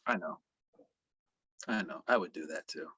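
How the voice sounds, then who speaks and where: A man's voice: low voice, moderate pace, a bit bright, husky, no echo, highs cut off. A man teaching an online trading class in a playful, boastful, teasing way. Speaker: trading educator.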